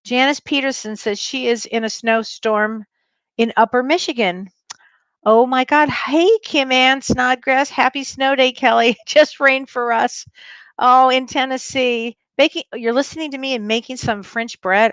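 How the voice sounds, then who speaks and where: A woman's voice: a little high, fairly even intonation, moderate pace, a bit bright, clear, resonant tone, dry recording. A woman hosting a casual livestream as a spiritual medium from home. She talks in a bubbly, effusive way and laughs often.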